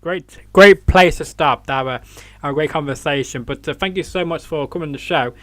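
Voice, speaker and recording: A man's voice: on the high side, normal speed, fairly bright tone, no echo. A man from England hosting an online interview, upbeat with many hesitant fillers. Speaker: podcast host.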